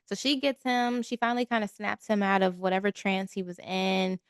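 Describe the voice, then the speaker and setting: A woman of middle pitch co-hosts a podcast, talking through a movie in a relaxed, conversational way. Her voice is dry and close to the mic, and she acts out characters' lines as she goes. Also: fairly quick, smooth, dry recording. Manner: conversational, laughs easily, acts out quotes. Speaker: podcast co-host. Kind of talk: casual movie recap chat.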